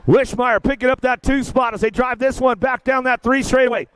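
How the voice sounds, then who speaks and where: An older man calling a kids' bike race live, energetic and chatty, getting a bit emotional. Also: very high-pitched, brisk, a little hiss or hum. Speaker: race announcer. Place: outdoor race track.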